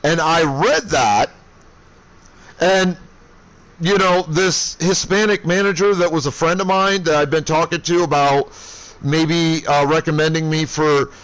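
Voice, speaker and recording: A man in his thirties streaming from home, telling a story in a casual, profane way that flares into shouting. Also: on the high side, fairly even intonation, measured pace, low-quality recording. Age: 30s. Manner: profane, heated retelling, shouting when angry.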